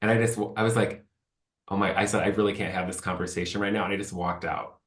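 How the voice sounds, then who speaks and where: A man's voice: sits low, steady tone, fast talker, a bit bright, echoey room. A man talking as a podcast guest, candid and rambling, acting out bits of remembered speech. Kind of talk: casual conversation.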